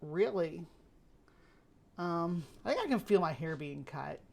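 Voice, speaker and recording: A woman's voice: lowish voice, lively intonation, a little slow, gravelly, darkish tone. An American woman hosting a reaction video, making skeptical, joking asides. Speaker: host. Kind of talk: reaction commentary.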